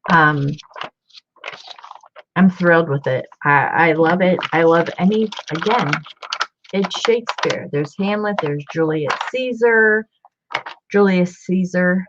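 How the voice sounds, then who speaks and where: A woman's voice: lowish voice, muffled recording, background noise. A woman chatting casually on a live stream as she shows off her book collection, rambling and greeting viewers by name.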